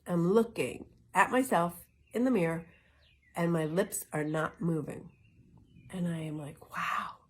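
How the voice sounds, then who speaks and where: A middle-aged woman talks in an earnest, reflective way as host of a wellness vlog, with an occasional soft laugh. Her voice sits a little low for a woman. She speaks from a greenhouse. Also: measured pace, breathy edge. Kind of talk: casual spoken talk.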